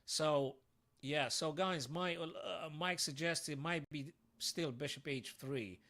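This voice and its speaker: A man's voice: fairly high pitch, slow, bright, forceful tone. A man streaming live chess puzzles, thinking aloud to his viewers and breaking into sudden frustrated outbursts.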